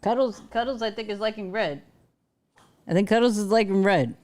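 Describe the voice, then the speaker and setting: A woman's voice: medium pitch, normal speed, darkish tone. A woman hosting a casual livestream from home, chatting with viewers and talking to her dog. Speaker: livestream host.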